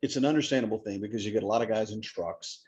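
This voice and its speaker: A lower-voiced man with a husky, breathy edge, talking through a dull, lo-fi recording. He co-hosts a podcast and tells stories with animation, sounding out his syllables with care. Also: rapid-fire. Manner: animated storyteller, acts out quoted voices; carefully enunciated speech. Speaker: podcast co-host. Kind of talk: casual chat.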